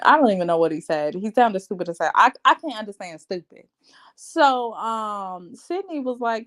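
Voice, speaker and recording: A woman's voice: fairly high pitch, animated, moderate pace. A woman hosting a reality TV recap in a casual, sassy, blunt rant. She talks straight to her viewers and calls them babe and child.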